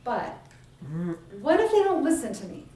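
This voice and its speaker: A hesitant, nervous shepherd, as a woman puts him on, stumbling through restarts and pleading to get out of the job. The voice sits fairly high and sounds distant in a very echoey room. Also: sing-song, moderate pace, mellow. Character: reluctant, nervous male shepherd hesitant to lead.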